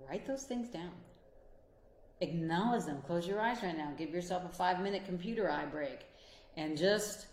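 A woman who coaches lives and counsels couples speaks fairly quickly but with long pauses, her somewhat low voice carrying a darkish tone. Her earnest pep talk, aimed right at the listener, rings in a roomy space with slight background noise.

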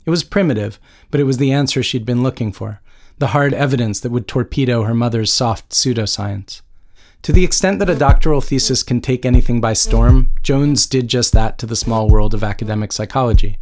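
A man's voice: medium pitch, a little fast, a little mellow. A man reading a novel aloud as an audiobook narrator, with a dry, wry storytelling manner. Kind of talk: scripted narration.

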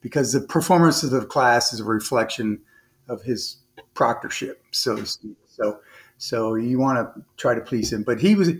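A man's voice: mid-range voice, moderate pace. Male podcast guest, ex-navy officer; earnest conversational storyteller, many false starts, acts out quoted dialogue. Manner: rambling, frequent restarts and fillers. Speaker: former naval officer.

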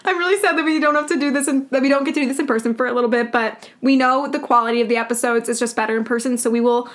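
Young woman, high voice, podcast co-host, giggly, filler-heavy casual chat. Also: steady tone, very fast, fairly bright tone. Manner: chatty, giggly, lots of "like" fillers.

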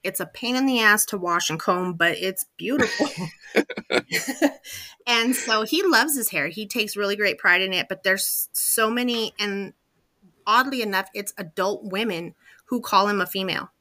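A woman's voice: mid-range voice, moderate pace, bright, forceful tone. A woman guest on a podcast, chatting candidly and telling long, rambling stories. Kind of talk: casual interview chat.

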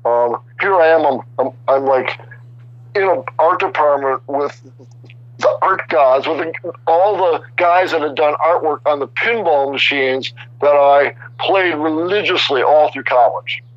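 A man in his sixties, a guest artist, telling casual stories in an animated, rambling way with many restarts. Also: on the high side, measured pace, no echo, lo-fi sound. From Chicago area. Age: 60s. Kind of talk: casual storytelling interview.

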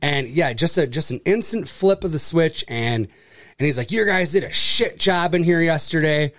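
A man telling a story in casual chat, acting out the people in it with jumps in voice and plenty of swearing. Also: normal speed. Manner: animated, acts out quoted people with pitch jumps, swears freely. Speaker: furniture delivery and service worker.

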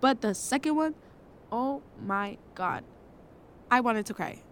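A woman's voice: fairly high pitch, lively intonation, slow, a little hiss or hum. A teenage girl hosting a casual solo podcast, reviewing a film in a chatty, dramatic way and acting playfully spooked. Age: late teens.

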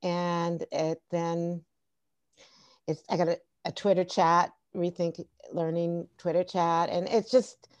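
A woman's voice: fairly low pitch, takes it slowly, smooth, no room sound, lo-fi sound. A middle-aged woman, a former teacher, telling funny stories in a casual podcast interview, full of restarts and laughter. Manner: animated, laughing storyteller with many restarts. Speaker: podcast guest, former teacher and tech coach.

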